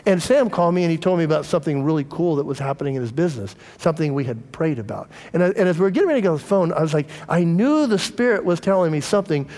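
A man's voice: a little high, expressive, rapid-fire, hardly any pauses, a little mellow, in a large hall. A middle-aged man and pastor, preaching a conversational sermon and telling candid personal stories to his congregation. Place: church.

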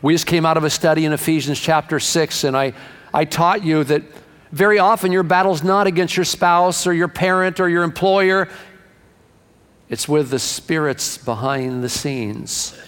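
A man's voice: on the high side, normal speed, a bit bright, smooth. A pastor, a man, preaching a sermon to his congregation in a folksy, joke-telling, emphatic way. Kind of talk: sermon with jokes. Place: large church sanctuary. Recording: long hall reverb.

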